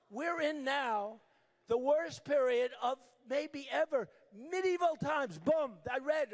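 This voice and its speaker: An older man giving a campaign rally speech at a podium microphone, repetitive and emphatic, shouting at times. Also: very high voice. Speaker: political candidate. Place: large rally venue.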